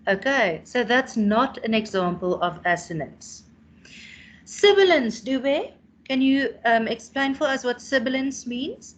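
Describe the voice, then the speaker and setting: A South African woman in her thirties leads a classroom revision lesson with a fairly high voice. She explains terms patiently, calls on students by name, and checks understanding with a quick "hey?". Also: animated, lo-fi sound. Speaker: teacher.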